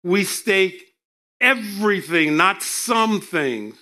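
A male preacher delivering a sermon, reading scripture with emphatic, drawn-out delivery and joking asides. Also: high voice, animated, sharp tone.

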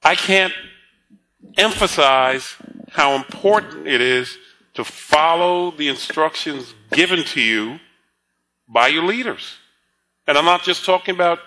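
A man delivers a sermon at an unhurried pace, his voice bright and a little high. He laughs often and acts out the people in the story. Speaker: pastor.

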